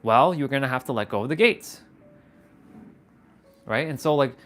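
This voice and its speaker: A man hosting a fitness livestream, talking in a casual, animated, rambling way and swearing freely. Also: medium pitch, normal speed. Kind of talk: casual motivational livestream talk.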